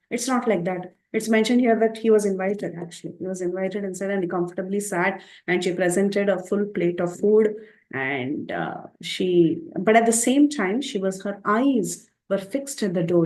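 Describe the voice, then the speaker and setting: A woman retelling a scripture story in a class, slowing down for quoted speech and stopping to explain terms. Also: medium pitch, mellow, low-quality recording. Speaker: scripture teacher.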